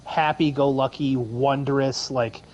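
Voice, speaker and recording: A man's voice: medium pitch, fairly even intonation, takes it slowly, darkish tone, highs cut off, slight background noise. A man in his thirties co-hosting a casual podcast, rambling through long stories. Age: 30s. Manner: rambling, lots of fillers and restarts. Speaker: podcast co-host. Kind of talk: casual chat.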